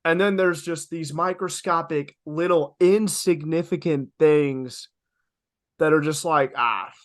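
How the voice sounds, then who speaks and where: A man co-hosting a casual podcast, talking in an animated, emphatic way with playful exaggeration. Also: fairly high pitch, takes it slowly. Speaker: podcast co-host. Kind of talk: casual chat.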